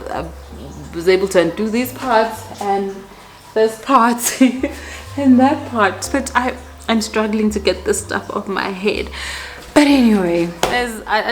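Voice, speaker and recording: Chatty mom vlogging. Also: female voice, medium pitch. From South Africa. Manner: chatty and animated, laughing as she talks. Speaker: vlogger and mother. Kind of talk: casual chat to camera. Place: home kitchen.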